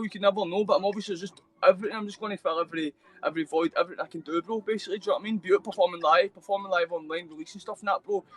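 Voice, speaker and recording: Man, Glaswegian accent, young, rambling casual chat, speaks fast. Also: high-pitched, a bit bright. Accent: Glaswegian Scottish. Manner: rambling, peppers every phrase with mate, bro, man. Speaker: guest. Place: shared hostel dorm room.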